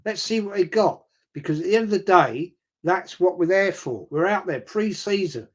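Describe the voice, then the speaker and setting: A middle-aged man chatting through a live football watch-along stream, rambling and excitable and swearing freely. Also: high voice, normal speed.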